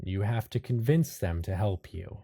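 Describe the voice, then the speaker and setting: A man's voice: lowish voice, animated, moderate pace, vocal fry, warm tone, breathy edge. A man narrating as game master of a tabletop game, laughing often and jumping into character voices.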